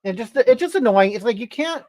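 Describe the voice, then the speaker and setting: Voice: mid-range voice, lively intonation, brisk, darkish tone, close to an everyday voice. A performer voicing a crude, entitled, brash woman, scolding and indignant, rambling at chat in an improvised comedy stream. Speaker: comedy livestreamer reading comments in character.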